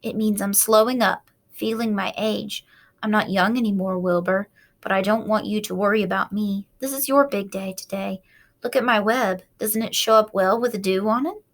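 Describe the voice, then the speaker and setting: A woman voicing a gentle, weary female spider in a storybook reading, soft and calm. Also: medium pitch, normal speed, close to an everyday voice.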